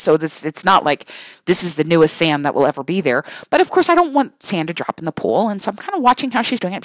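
A woman's voice: mid-range voice, no room sound, poor audio. A mother telling a story casually, rambling with many restarts, self-deprecating and laughing along.

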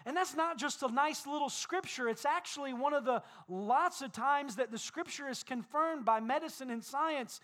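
A man preaching a sermon as pastor, building repeated phrases up to loud peaks. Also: very high-pitched, moderate pace, few pauses.

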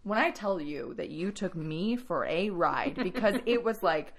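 A woman's voice: on the low side, expressive, a little slow, few pauses. A woman co-hosting a podcast in casual chat, telling stories animatedly and laughing often. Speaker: podcast co-host.

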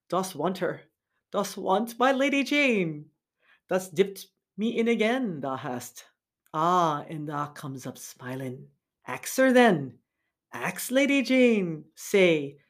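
A woman voicing a rough rural gamekeeper, a man speaking broad Northern English dialect in a slow, teasing drawl. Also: sits high, exaggerated voice.

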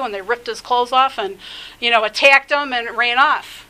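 A woman preaches with a high, bright and forceful voice. She exhorts her listeners fervently, doubling back on her words and piling up short phrases as she builds each point. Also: fairly even intonation, normal speed, smooth, rough recording. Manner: fervent, exhorting, with many restarts and filler phrases. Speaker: rabbi preaching a podcast teaching. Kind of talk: sermon.

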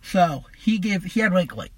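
A young man casually telling a long, profane, rambling story about his past, animated as he retells it. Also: high voice, normal speed.

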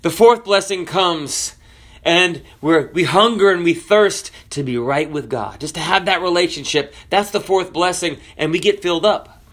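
A man preaching a sermon, swinging between loud cries and hushed drops and asking the listeners questions. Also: sits high, normal speed.

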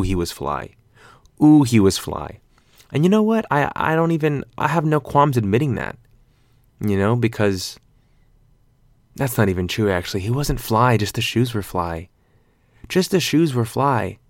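A man's voice: fairly low pitch, no room sound, studio quality. A man in his twenties talking casually on his own, rambling with lots of fillers and loose slang. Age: 20s. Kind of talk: casual monologue.

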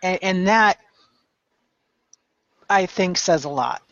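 Earnest woman with a lowish voice. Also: lively intonation, takes it slowly, a bit bright, dry recording. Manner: earnest, repeats points for emphasis. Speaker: podcast panelist. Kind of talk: casual movie discussion. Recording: muffled, dry podcast audio.

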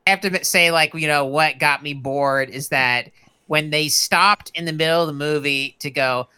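Casting: man, bright smooth voice, rambling jokey podcast co-host. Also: fairly high pitch, normal speed. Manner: rambling, joking, full of fillers. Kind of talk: casual comedic movie chat.

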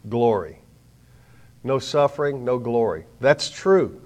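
An older man preaching a sermon, telling a story dramatically and swinging from hushed tones to loud ones. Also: mid-range voice, lively intonation, a little slow.

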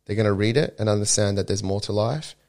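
A man's voice: lowish voice, fairly even intonation, fast talker, darkish tone, a little hiss or hum. A young man co-hosting a podcast, chatting casually in a playful, daydreaming way, calling his friend "bro.". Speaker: podcast co-host. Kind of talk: casual chat.

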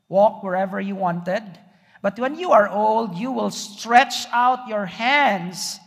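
A man's voice: sits high, creaky, a bit bright. A man preaching a sermon as a pastor, often putting rhetorical questions to the congregation. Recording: long hall reverb.

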